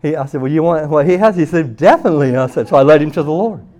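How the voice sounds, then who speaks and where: A man preaching at a church meeting, telling a story and acting out the voices of the people in it with loud bursts. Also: fairly high pitch, fast. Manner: animated, acts out quoted voices loudly. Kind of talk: sermon with storytelling.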